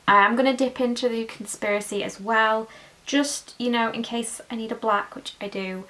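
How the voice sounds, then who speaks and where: A woman's voice: fairly high pitch, a bit bright, low-quality recording. A woman, chatting her way through a casual makeup tutorial at home in a rambling, talkative way. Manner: chatty and rambling, full of "like" and "you know". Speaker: makeup vlogger.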